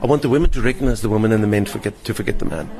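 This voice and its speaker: Racing through his words in a fairly low voice, an older satirist and performer tells theatrical anecdotes as an interview guest, with a crowd in the background. He is lively and theatrical, mimicking the voices of the people he describes in this animated conversation. Faint room noise from the hotel lounge can be heard.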